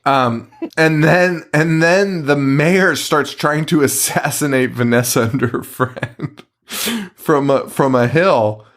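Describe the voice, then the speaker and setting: A man's voice: on the high side, takes it slowly, a bit bright. A man co-hosting a horror movie podcast, giving a profane, laughing recap in casual chat. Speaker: podcast co-host.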